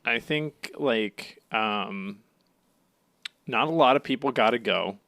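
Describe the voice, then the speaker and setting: A young man on a casual podcast, rambling loosely through a recap and laughing often. His voice is bright and forward, and it sounds close and dry. He pitches in at an everyday middle register. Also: slow pace, creaky, no echo. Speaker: podcast co-host. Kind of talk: casual chat recapping an anime.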